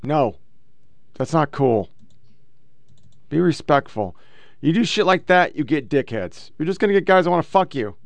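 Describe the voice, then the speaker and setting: Middle-aged man, crude blunt commentary, lively swinging voice, dry close sound. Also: a little high, normal speed, pauses often, dry recording. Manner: blunt, crude, lectures women in clips. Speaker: podcast host reacting to clips. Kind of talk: casual profane commentary.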